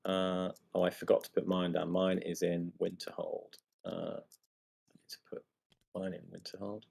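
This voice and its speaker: A man's voice: low voice, monotone, unhurried, creaky, a little mellow, slightly rough. A man demonstrating a tabletop board game, thinking aloud as he picks his gear and explains the rules to the other players.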